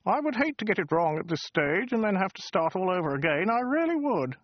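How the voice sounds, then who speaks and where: A prim, pedantic alien bureaucrat with a thin, weaselly voice pitched far up. He stays fussily polite, reading names off a clipboard, in a dull, dry recording. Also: big pitch swings, brisk, dry recording. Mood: prissy. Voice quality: small, weaselly voice. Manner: fussy, politely officious. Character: prim tall male alien insulter with clipboard.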